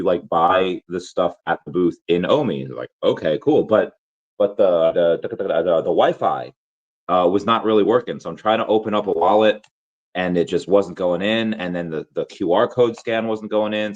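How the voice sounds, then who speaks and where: A man with a hoarse, worn-out voice, chatting casually and rambling with many restarts and fillers as a crypto vlogger. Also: low-pitched, a little mellow, dull audio. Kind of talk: casual chat.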